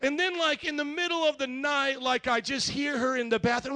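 A male pastor preaching a sermon, telling stories in an animated way and shouting as he acts them out. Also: very high-pitched, brisk, few pauses, no echo. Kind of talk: sermon with storytelling.

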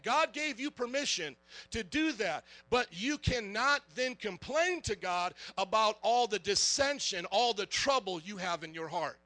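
A man preaching a lively sermon in church, drifting into Southern slang when he gets worked up. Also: extremely high pitch. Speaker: pastor.

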